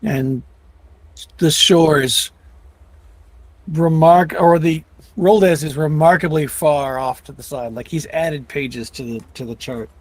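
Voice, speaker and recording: A man's voice: a little high, takes it slowly, dry recording. A man narrating as game master of a tabletop game, rambling with frequent restarts.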